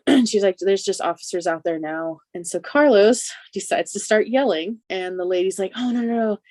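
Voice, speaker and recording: A woman co-hosting a podcast, chatting casually as she recaps a TV episode, with an animated, laughing way of retelling it. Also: medium pitch, moderate pace, dry recording. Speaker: podcast co-host.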